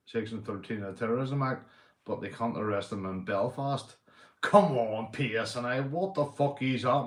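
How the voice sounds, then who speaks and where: A man's voice: on the low side, roomy sound. Sweary Northern Irish man ranting. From Northern Ireland. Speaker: livestream host. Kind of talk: casual livestream rant.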